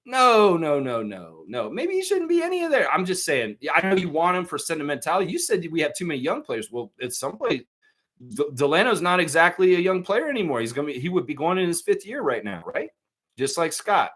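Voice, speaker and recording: A man hosting a live sports stream, talking in a rambling, excitable way and laughing often. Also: a little high, fairly quick, breathy edge. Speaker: podcast host. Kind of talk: casual live-stream chat.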